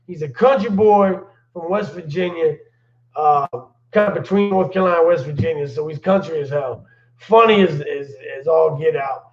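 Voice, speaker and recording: A man's voice: a little high, moderate pace. A man hosting his own channel, telling stories casually in slang-heavy talk and laughing as he goes. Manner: laid-back slang-heavy storyteller, laughs while telling. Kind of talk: casual livestream storytelling. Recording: echoey room, dull lo-fi sound.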